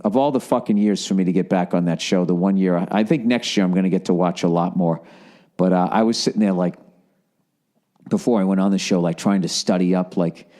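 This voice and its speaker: A man's voice: low-pitched, mellow. A middle-aged man hosting a podcast, giving a casual comedic monologue full of sarcastic, profane rants. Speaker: podcast host.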